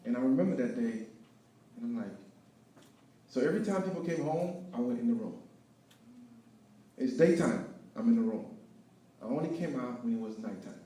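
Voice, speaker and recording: A man telling his story of failure and faith as a speaker at an event, preaching with lively swings between loud and hushed. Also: mid-range voice, moderate pace, pauses often, slight background noise. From Haiti. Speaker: guest speaker. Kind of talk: inspirational testimony talk. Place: event hall with live audience. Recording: echoey hall, picked up from far off.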